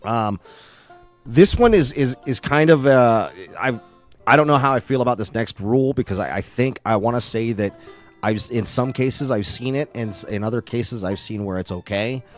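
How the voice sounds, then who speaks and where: A man co-hosting a casual chat, relaxed and rambling, laughing easily as he explains things. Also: mid-range voice, normal speed, soft background music. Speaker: podcast co-host.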